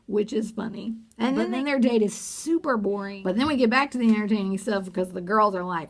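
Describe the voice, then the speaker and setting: A woman's voice: mid-range voice, moderate pace. A woman giving a sarcastic, gossipy recap of a reality TV episode in a casual vlog. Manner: sarcastic, gossipy, acts out quotes.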